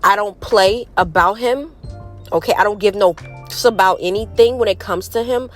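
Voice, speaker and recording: A woman's voice: medium pitch, normal speed, faint music behind, pitched above the performer's own voice, lightly acted. A woman putting on an exaggerated New York accent as a brash, tough-talking New York woman. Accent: New York, put on. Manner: exaggerated, bold and slangy.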